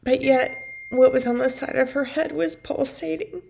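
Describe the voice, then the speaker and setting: Woman vlogger, fairly high voice with gravelly fry, earnest and emotional storytelling. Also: steady tone, moderate pace, darkish tone, a little hiss or hum. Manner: earnest, emotional, heavy use of "like". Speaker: vlogger and family caregiver. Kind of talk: personal storytelling to camera.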